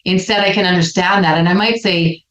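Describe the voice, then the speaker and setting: Lower-voiced woman in a roomy, dull recording. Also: fairly quick. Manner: animated, playfully acts out quoted lines. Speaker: podcast co-host, relationship psychologist. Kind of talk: casual podcast conversation.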